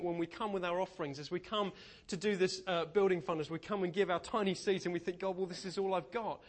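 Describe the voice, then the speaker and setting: A high-voiced man delivers a sermon in a church. He tells his stories in a lively, animated way and keeps a humorous edge. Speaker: preacher.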